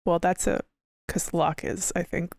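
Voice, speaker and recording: A woman co-hosting a podcast in casual chat, chatty and quick to laugh. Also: on the low side, little pitch movement, a little mellow, dry recording, clean studio sound. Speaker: podcast co-host.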